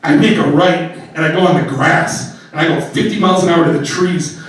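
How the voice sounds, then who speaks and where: A man telling a funny story on stage, animated and often laughing, acting out his own panic. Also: fairly quick, crowd noise. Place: live venue with audience. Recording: booming echoey hall from far off with audience.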